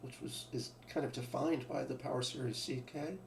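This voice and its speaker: A man explains a math lesson out loud, often restarting his sentences and putting questions to the class. His voice is gravelly and sits a little high. The sound is picked up from a distance in an echoey room, with a faint hum behind it. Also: steady tone, normal speed. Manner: thinking aloud, restarts, asks rhetorical questions. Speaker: math teacher. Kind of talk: lecture.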